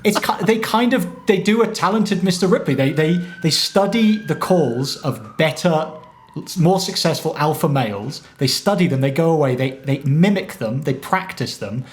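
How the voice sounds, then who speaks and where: A man's voice: fairly high pitch, expressive, slight background noise. A man hosting a show and talking eagerly with a guest, sharing examples as he goes. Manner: enthusiastic, quick to share examples. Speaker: show host. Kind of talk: conversational interview.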